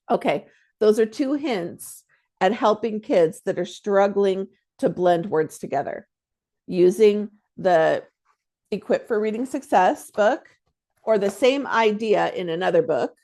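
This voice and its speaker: A woman's voice: medium pitch, a little mellow. A woman reading tutor in casual instructional talk, chatty and self-correcting, acting out word drills aloud.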